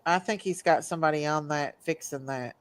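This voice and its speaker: A woman's voice: low-pitched, fairly quick, no echo. A woman in a casual political chat, stubborn and firm, answering with short dismissive replies.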